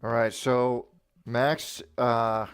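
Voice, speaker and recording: A man's voice: mid-range voice, little pitch movement, extremely slow, clear, resonant tone, no echo, faint music behind. A man directing an improv scene in a game, hesitant with many fillers. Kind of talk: casual game narration.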